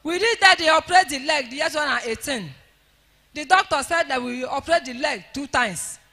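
A Nigerian woman giving an emotional church testimony, rising to shouts of praise. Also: high voice, lively intonation, fairly quick, in a large hall.

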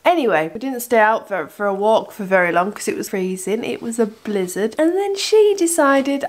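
A woman's voice: fairly high pitch, lively intonation, normal speed, few pauses. A woman chatting casually and playfully to her camera as a dog-owning vlogger, swearing often. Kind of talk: casual vlog chat. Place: in a car and outdoors in snow. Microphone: handheld camera.

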